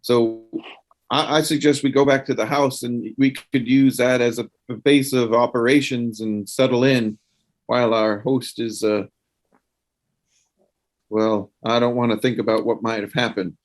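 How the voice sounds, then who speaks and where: A man's voice: medium pitch, steady tone, measured pace, lightly acted. A man voicing Rutherford, a paranoid professor who stammers and restarts his words in a tabletop role-play game. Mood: planning.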